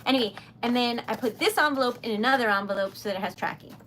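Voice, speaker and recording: A young woman chats through a crafting livestream, giggling and flustered as she thanks viewers. Her voice sits fairly high. A faint hiss of room noise lies under the recording. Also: fast talker, fairly bright tone. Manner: giggly, easily flustered, thanks chat often. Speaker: livestream host. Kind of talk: casual livestream chat while crafting.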